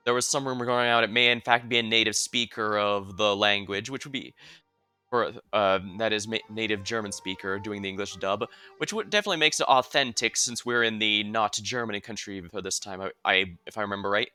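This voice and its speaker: A man's voice: fairly low pitch, bright, forceful tone, clear, resonant tone. A young man streaming a game, making casual, rambling asides and correcting himself while reading a game's story aloud.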